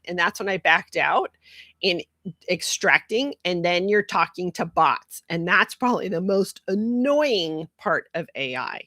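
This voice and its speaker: A woman's voice: on the low side, expressive, normal speed, fairly bright tone, no room sound. Chatty middle-aged woman, dry sound. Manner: chatty and candid, with frequent asides and laughs. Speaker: marketing consultant. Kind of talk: casual monologue.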